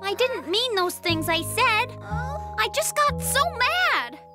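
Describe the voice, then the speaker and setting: An actor voicing a hot-tempered little squirrel princess in a children's cartoon, shrill and prone to tantrums. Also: big pitch swings, slow pace, loud music behind the voice, heavily acted. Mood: sorry. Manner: shrill, stomping tantrum outbursts.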